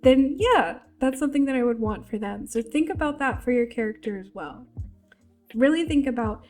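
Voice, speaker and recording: Stuffy-nosed woman chatting through a how-to, lots of ums, a bit high pitched. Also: lively intonation, normal speed, darkish tone, faint music behind. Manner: rambling, with many fillers and restarts. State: congested. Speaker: VTuber tutorial creator. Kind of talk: casual tutorial talk.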